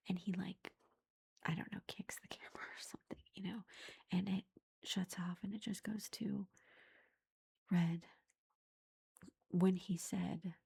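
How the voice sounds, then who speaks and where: Woman, whispered ASMR book review, airy unvoiced whisper, husky and gravelly, rambling with fillers. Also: fairly low pitch, flat delivery, a little slow, long pauses, dark tone. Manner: rambling retelling full of "like" and "you know".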